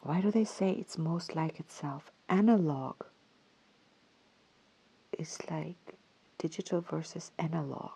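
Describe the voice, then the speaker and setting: A woman's voice: low-pitched, a little slow, creaky, long pauses, warm tone, breathy edge. A woman hosting a solo show, talking casually and thinking aloud, laughing often and dropping into whispers. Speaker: podcast host.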